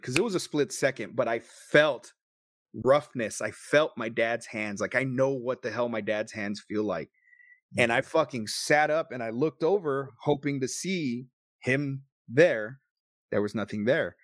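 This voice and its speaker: Man, 30s, spins a raw personal story with swearing and quick bursts, mid pitch, dead-dry room. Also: fairly bright tone, no room sound. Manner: emotional, profane, quick bursts. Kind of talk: casual storytelling.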